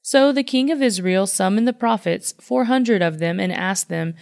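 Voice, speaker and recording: Woman reading bible chapters aloud, mid pitch, steady and even. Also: normal speed, creaky, few pauses. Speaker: Bible reader. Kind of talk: scripture reading.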